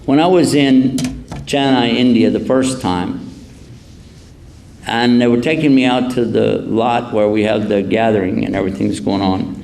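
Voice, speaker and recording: A man preaching to a lecture audience, his voice mid-pitched and gravelly. He tells his anecdotes with a deadpan, joking manner and slows down to repeat important phrases. A faint hum sits behind him. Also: poor audio. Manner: storytelling, deadpan joking, slow repetition of key phrases. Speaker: Islamic preacher. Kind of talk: public lecture. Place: university lecture hall.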